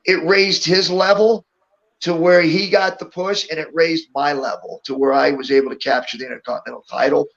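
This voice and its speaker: A man's voice: a little high, steady tone, brisk, creaky, fairly bright tone, lo-fi sound. A middle-aged man, a guest on an interview show, telling stories in a casual way and often laughing as he goes. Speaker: interview guest, former wrestler. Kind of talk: casual storytelling.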